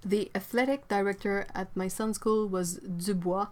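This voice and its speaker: A woman hosting a relaxed livestream from home. Her pitch sits in the middle, and she talks in a loose, rambling way. She reads out viewer comments and laughs easily. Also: moderate pace. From Quebec, Canada. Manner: rambling, chatty, laughs often. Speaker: artist livestream host. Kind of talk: casual livestream chat reading comments.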